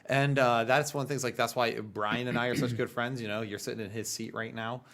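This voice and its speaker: A man's voice: mid-range voice, a little fast. A man in his thirties hosting a casual podcast chat, talking earnestly and telling stories with bursts of laughter. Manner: earnest, animated storytelling with laughs. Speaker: podcast host.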